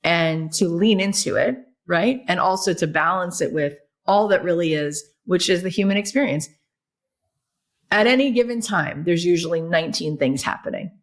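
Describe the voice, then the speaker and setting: A woman guest on a podcast, telling stories in a lively, chatty way, full of "like" and "right?". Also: on the low side, moderate pace. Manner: animated storyteller, many fillers like "like" and "right?". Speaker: guest, author and podcast host. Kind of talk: casual podcast conversation.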